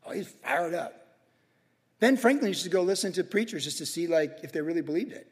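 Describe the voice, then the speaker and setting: A man with a high-pitched voice delivers an energetic, casual sermon, peppered with slang. His voice rings out with a long reverb in a church sanctuary. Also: quick pace. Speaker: pastor.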